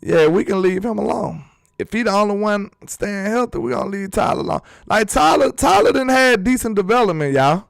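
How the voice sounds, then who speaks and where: A man's voice: high-pitched, lively intonation, a little fast, vocal fry, no room sound, studio quality. A man hosting a sports channel in a casual live-stream chat, talking loosely and reading viewers' comments aloud.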